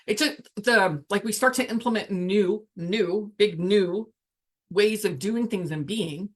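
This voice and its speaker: A woman casually teaching, speaking reflectively and guiding the listener through slow breathing, often trailing off mid-sentence. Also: lowish voice, breathy edge. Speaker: spiritual coach.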